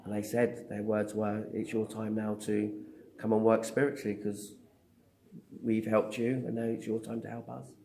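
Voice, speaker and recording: Lowish-voiced man telling a story. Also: normal speed, creaky, a little hiss or hum. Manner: animated storyteller, acts out dialogue with hesitant ums. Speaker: interview guest, psychic medium. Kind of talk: storytelling in an interview.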